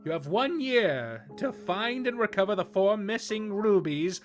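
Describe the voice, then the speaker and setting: A man voicing a shrill, furious middle-aged woman bishop scolding her daughter. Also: animated, unhurried, soft background music. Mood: snide. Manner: scolding, shouting.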